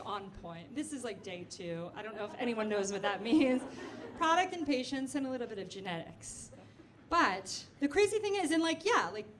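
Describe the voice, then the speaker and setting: Animated woman doing stand-up. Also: sits high. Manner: chatty, quick asides to the crowd. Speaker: stand-up comedian. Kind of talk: stand-up comedy set. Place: comedy club stage. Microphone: handheld stage mic. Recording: noisy live club recording.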